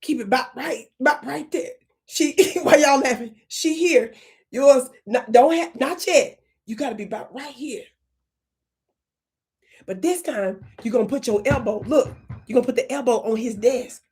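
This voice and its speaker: This channel host is a woman with a fairly high voice who coaches on a livestream for laughs. Playful and animated, she drops abruptly into whispers and stretches words out.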